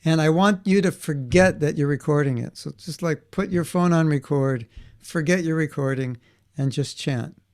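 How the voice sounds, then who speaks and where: Guy with a slightly high, gravelly voice, chatty teacher for a kids class, keeps asking "right?". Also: moderate pace, a little mellow. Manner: conversational, checks in with students, frequent restarts. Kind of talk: online class for children.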